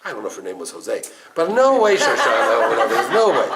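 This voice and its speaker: Animated storytelling rabbi. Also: male voice, mid-range voice, quick pace, heavy background noise. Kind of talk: storytelling sermon.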